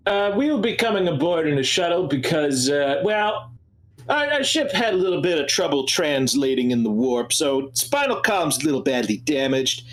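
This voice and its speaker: A man voicing a pompous, haughty male noble who makes demands in a grand, drawn-out way. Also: very high voice, sing-song, fairly bright tone, echoey room, voice pushed up, full character voice.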